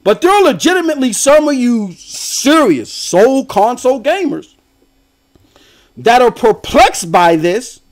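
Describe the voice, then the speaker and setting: Brief: middle-aged male stream host, high and very lively voice, animated, slangy, laughs often. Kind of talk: casual livestream commentary.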